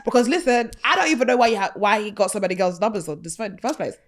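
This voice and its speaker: A young woman hosts a relaxed podcast chat. Her delivery is cheeky and slangy, and laughter keeps breaking into her banter. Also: medium pitch, racing. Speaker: podcast host. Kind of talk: casual chat.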